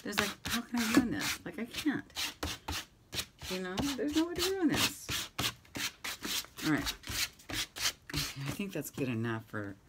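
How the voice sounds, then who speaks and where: This middle-aged woman, a craft vlogger, paints at home and talks in a mid-range, very animated voice, unhurried and pausing often. Her chat is rambling and self-mocking, sprinkled with frequent whispered asides. Sanding, rubbing and clicking from the crafting come through loudly, and her craft room window is open.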